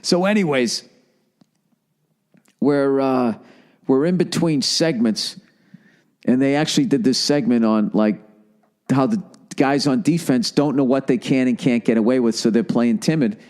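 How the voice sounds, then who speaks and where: A man's voice: measured pace, pauses often. A middle-aged man with a Boston accent hosting a podcast, telling a comedic story with swearing and acting out other people. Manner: profane, animated, acts out quoted people in higher voices. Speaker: podcast host.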